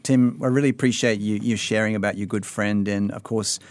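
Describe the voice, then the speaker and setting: Low-voiced male radio interviewer. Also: steady tone, no room sound. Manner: measured, brief listening replies.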